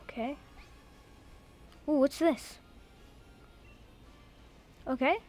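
A young woman giving casual let's-play commentary at home, excitable and rambling, with sudden loud outbursts. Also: sits high, extremely slow, soft background music. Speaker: gamer.

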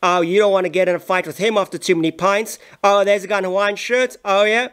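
A man giving playful, excitable comic voice-over commentary. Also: high-pitched, fast talker, clear, resonant tone. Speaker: voice-over narrator.

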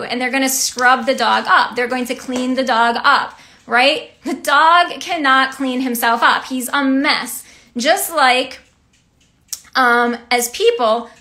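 A Christian teacher and vlogger gives a casual devotional teaching in a high, bright, pushed voice. She's chatty, often asking "right?" and laughing lightly.

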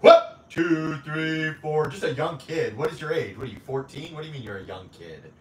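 A slightly fast, higher-pitched young male streamer reads comments in a casual livestream, crude and playful as he teases viewers amid frequent laughter. The mic is distant, giving an off-mic, echoey sound with a faint hum.

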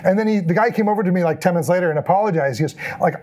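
Man, high-pitched voice, animated storytelling, acts out quotes, middle-aged photographer. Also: rapid-fire. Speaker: event photographer giving a talk. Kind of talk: storytelling presentation.

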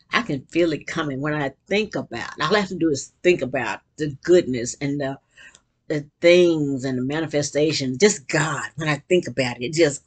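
An older woman in earnest, rambling reflection. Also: low-pitched. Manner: earnest and rambling, with frequent restarts and bursts of excitement. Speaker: vlogger reading and reflecting on quotes. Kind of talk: casual spiritual reflection.

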